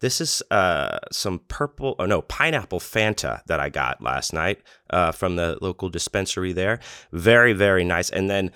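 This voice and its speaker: A man with a very low voice hosts his own storytelling podcast. He rambles along in a relaxed, self-deprecating way, and the recording is close and dry with no room echo. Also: normal speed, clear, resonant tone. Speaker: podcast host. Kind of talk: casual storytelling monologue. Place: home in Las Vegas.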